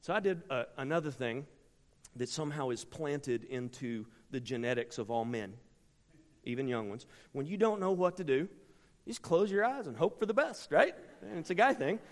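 Animated middle-aged preacher in a reverberant hall. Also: male voice, a little high, moderate pace. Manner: animated, dramatic delivery with sudden shouts and hushed asides. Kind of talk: storytelling sermon. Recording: long reverb from a large hall.

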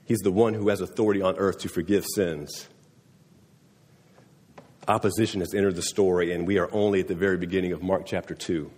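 A man's voice: low-pitched, fairly even intonation, brisk, a little mellow, husky, big-room sound. A man preaching a sermon in a conversational way, often checking in with his listeners. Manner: conversational, often asking "right?". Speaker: pastor.

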